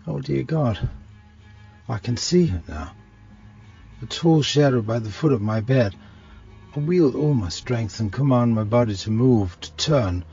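Creaky-voiced guy reading a scary first-person story, anxious tone, faint music. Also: medium pitch, warm tone, muffled recording. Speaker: story narrator.

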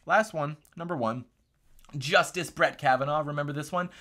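A man's voice: fairly high pitch, normal speed, sharp tone. A man hosting a political commentary vlog, talking in a sarcastic, mocking way.

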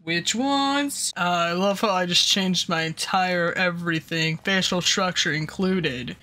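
A gaming creator voicing loud, profane, laughing reactions while playing through a game. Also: medium pitch, slow pace. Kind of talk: let's play commentary.

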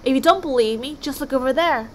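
A woman's voice: high voice, fast talker, a little hiss or hum, pitched above the performer's own voice, lightly acted, rough recording. A woman voicing a clever, polite young male Viking who outwits a sea god. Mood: courteous. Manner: courteous, sly.

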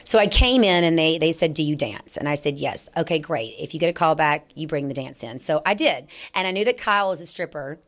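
A woman with a Southern US accent, chatting in an interview as an actress guest, bubbly and quick to laugh while telling stories. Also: low voice. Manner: bubbly, laughs often, animated storytelling. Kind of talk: casual interview chat.

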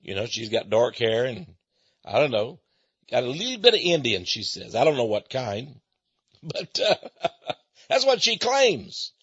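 A man's voice: medium pitch, very animated, unhurried, long pauses, a bit bright, breathy edge, no room sound. A man from Texas, a radio host, speaking in a folksy conversational monologue and chuckling often. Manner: folksy storytelling with frequent chuckles. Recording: dull lo-fi recording.

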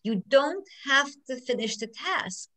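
A woman's voice: sits high, measured pace, poor audio. A middle-aged woman who is a judge, giving an inspirational talk full of stories and acting out what people said. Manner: animated storyteller who acts out quotes.

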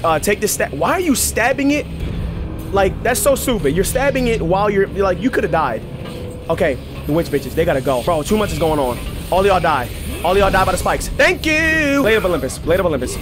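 Excitable young man yelling at a game. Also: sits high. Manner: excitable, profane trash talk at the game, frequent shouts. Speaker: gaming channel host. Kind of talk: let's play commentary. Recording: game music clearly behind the voice.

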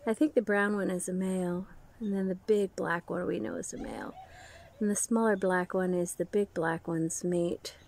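A woman who runs a bird sanctuary chats with her pet bird out in the sun, doting and cooing praise. Her voice is fairly low, steady, creaky, and a little mellow, at a moderate pace. Slight background noise mixes with birds calling and cooing.

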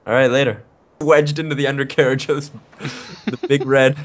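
A man's voice: mid-range voice, little pitch movement, brisk. A man co-hosting a gameplay video, joking around in a mock-serious way. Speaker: co-host playing a farming game. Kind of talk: casual gameplay chat.

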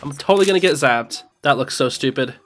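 A young man hosting a gaming channel, chattering excitedly to himself and the game as he plays. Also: medium pitch, fast talker, faint music behind. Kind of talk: casual let's play commentary.

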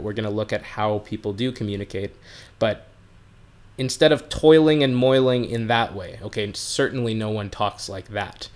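A man teaching English on a livestream from home, explaining words plainly and chatting with his viewers in a friendly way. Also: lowish voice. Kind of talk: live-streamed language lesson.

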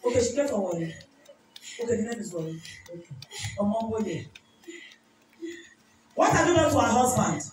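A woman's voice: medium pitch, very animated, moderate pace, pauses often, a little hiss or hum. A woman pastor with a Nigerian accent leading a deliverance ministration, issuing repeated rebuking commands. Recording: echoey church hall from far off with music.

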